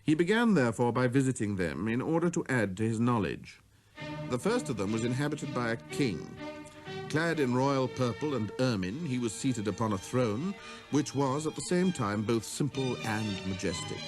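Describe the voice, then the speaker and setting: A male storybook narrator with a lively, rising and falling delivery, reading in an unhurried way. Violin music plays clearly beneath his voice. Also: medium pitch. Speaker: audiobook narrator.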